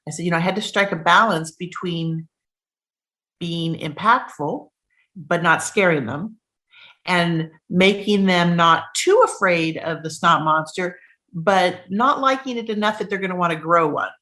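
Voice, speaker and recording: A woman children's author chatting in an interview and reading her picture book aloud in a lively, animated way. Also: lowish voice. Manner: lively, quick talk with animated storybook reading.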